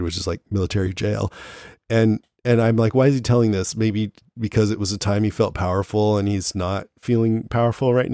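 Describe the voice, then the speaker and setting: Low-voiced man chatting on a podcast. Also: dark tone, no room sound, studio quality. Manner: acts out quotes in raised voices, laughs often. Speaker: podcast co-host. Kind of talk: casual chat recapping a TV episode.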